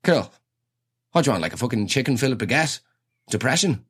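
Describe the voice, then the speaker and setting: A man with an Irish accent telling a comic story in a quick, sweary, exaggerated rant. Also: mid-range voice, very animated, a bit bright, slightly rough. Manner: rapid, sweary, exaggerated rants. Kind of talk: comedic storytelling monologue.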